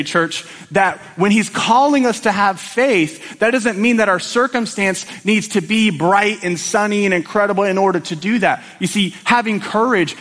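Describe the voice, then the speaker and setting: A man preaching a sermon to his church, animated and storytelling, acting out scenes in quick little voices. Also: high-pitched, big-room sound.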